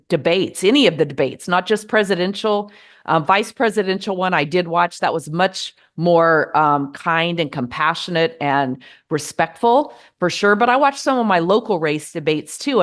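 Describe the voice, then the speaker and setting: A middle-aged American woman speaks in a slightly low voice, earnest and measured. Her advice comes in a gently encouraging monologue, each point laid out steadily. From United States. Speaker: podcast host.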